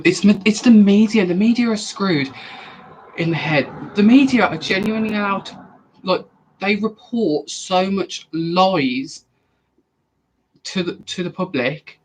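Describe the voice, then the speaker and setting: Chatty young man, higher voice. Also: slight background noise, low-quality recording. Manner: rambling, animated, quick to restart sentences. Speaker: streamer answering viewer questions. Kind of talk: casual live chat.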